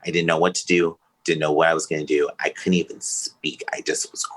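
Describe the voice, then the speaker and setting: Podcast guest, male, low pitch, forceful tone, candid and emotional storytelling. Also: little pitch movement, brisk, low-quality recording. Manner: emotional, earnest, open.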